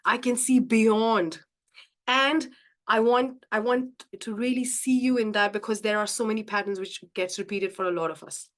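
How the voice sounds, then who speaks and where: Woman, mindset coach hosting a live session, slightly higher voice, gushing and repetitive, talks straight to her audience. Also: fairly even intonation, moderate pace. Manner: effusive and warm, repeats phrases for emphasis; addresses the audience directly as guys. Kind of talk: live-streamed coaching talk.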